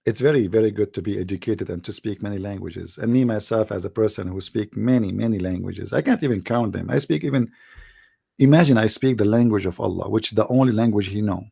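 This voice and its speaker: A man playing a gravelly, boastful mock preacher. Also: fairly low pitch, quick pace, dark tone. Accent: Arabic. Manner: rambling, boastful, mock-solemn. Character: mock-pompous self-styled male preacher, middle-aged. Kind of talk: satirical livestream monologue.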